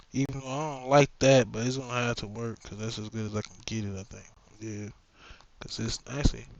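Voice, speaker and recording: A man's voice: medium pitch, gravelly, dull audio. A man vlogging while he sews, rambling and cursing to himself in a casual, muttered way. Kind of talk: casual self-talk while sewing.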